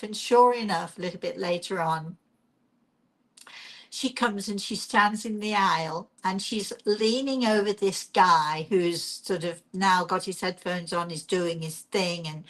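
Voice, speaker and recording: A woman's voice: medium pitch, a bit bright, low-quality recording. An older woman who is a spiritual medium and healer, telling a personal story in a chatty, reflective way and acting out the dialogue.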